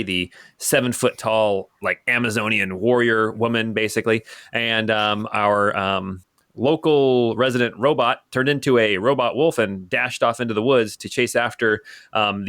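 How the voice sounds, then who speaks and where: A man hosting and narrating as game master of a tabletop game in a lively, energetic way. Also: lowish voice, dry recording.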